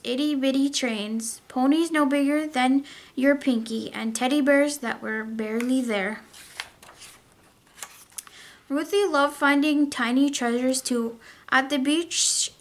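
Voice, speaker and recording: Woman teacher, high voice, expressive children's story read-aloud.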